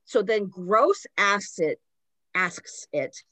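Lower-voiced woman telling a story casually. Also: lively intonation, unhurried, dry recording. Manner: retells a story loosely, with many "like" fillers.

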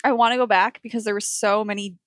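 A woman chatting casually and relaxed, laughing as she talks. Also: mid-range voice, fast, no room sound. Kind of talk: casual chat.

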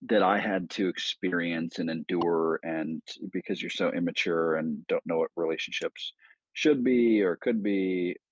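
A young man with a very deep, husky voice speaks in a measured, reflective way. His audio sounds dull and lo-fi but dry, with no room echo. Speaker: podcast guest. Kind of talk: casual conversation.

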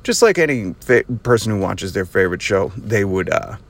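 A man's voice: low voice, very animated, moderate pace, creaky. A man hosting his own podcast, telling a casual story with a lot of sarcasm and frequent laughter, recorded while driving. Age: adult with children. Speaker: podcast host. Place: driving in a car.

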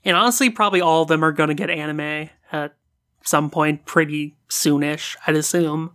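A podcast co-host in a relaxed casual chat, using frequent fillers. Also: mid-range voice, moderate pace.

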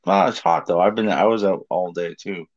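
A man's voice: deep voice, very animated, a little fast, gravelly. A man co-hosting a podcast in casual chat, rambling and laughing often. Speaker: podcast co-host. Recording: dull lo-fi sound.

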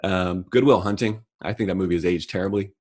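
A middle-aged man co-hosting a casual comedic chat, delivering deadpan mock rants. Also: sits low, brisk. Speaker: podcast co-host.

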